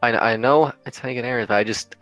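A man bantering with friends over a multiplayer strategy game. He talks fast and teases the others. Faint music runs underneath. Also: medium pitch, a bit bright. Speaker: gamer.

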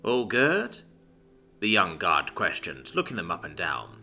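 A man narrating a fantasy story in an expressive storytelling manner. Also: deep voice, moderate pace, creaky. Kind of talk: scripted narration.

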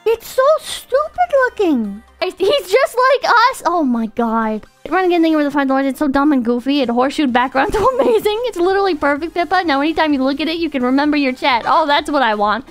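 A woman live-streaming and chatting casually with her viewers, excitable and profane, swinging between loud outbursts and deflated mutters. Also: high voice, brisk, hardly any pauses, faint music behind.

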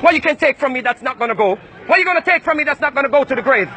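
Shouting, high-pitched man. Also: lively intonation, rapid-fire, some chatter behind, slight background noise. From Jamaica. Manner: shouting, confrontational ranting.

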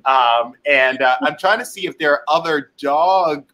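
A man's voice: fairly high pitch, a little slow, bright, forceful tone. A man hosting a casual online chat show, talking with enthusiasm and reading out viewer comments. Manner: chatty and enthusiastic, reads viewer comments aloud. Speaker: host.

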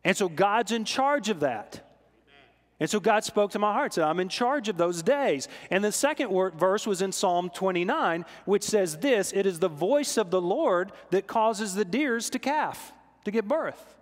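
A man preaching from the pulpit in a church sanctuary, his voice sitting fairly high. He tells stories animatedly, climbing for emphasis and dropping soft for solemn moments. A long hall reverb trails behind his words. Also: animated, unhurried. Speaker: pastor. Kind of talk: sermon storytelling.

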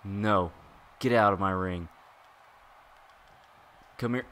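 A man giving excitable live commentary while playing a wrestling video game, groaning and exclaiming at each turn. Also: low voice, slow. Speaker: gaming YouTuber.

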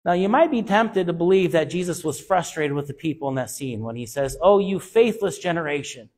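A man's voice: on the high side, fairly quick, darkish tone. A male pastor preaching a sermon with an emphatic, repetitive cadence.

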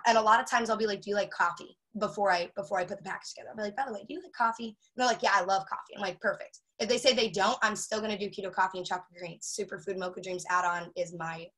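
A woman gives a casual sales training talk, chatty and animated, acting out customer conversations with plenty of filler words. Her voice is mid-range, and the audio is poor.

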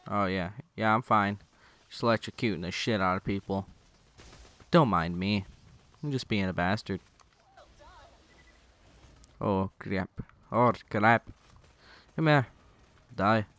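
Young guy joking through his gameplay on a headset, kinda low voice, cussing at enemies. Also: moderate pace, pauses often, fairly bright tone. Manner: rambling, joking, swearing, talking to enemies. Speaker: gaming channel host. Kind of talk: casual gameplay commentary. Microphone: gaming headset.

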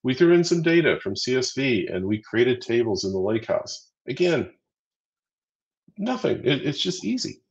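The audio is dull, and the man's medium-pitched voice has a creaky quality, though he sounds very animated at a normal speed. He's co-hosting a casual live training stream, counting down quiz votes and talking through answers in a chatty, upbeat way.

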